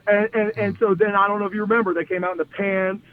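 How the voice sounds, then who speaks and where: Over a phone-like line with faint hiss, a middle-aged former pro wrestler tells excited stories as an interview guest. He talks fast in a high-pitched voice, repeating words, restarting, and acting out quotes.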